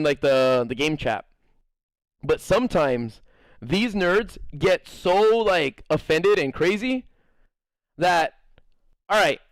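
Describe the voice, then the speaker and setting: A young man talks loosely to his stream viewers, rambling and putting on other people's lines as he tells his stories. His voice sits high for a man. The recording is close and dry, with no room sound. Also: no echo, poor audio. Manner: rambling, animated storytelling, playful acted-out quotes. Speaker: game streamer. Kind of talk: casual live-stream chat.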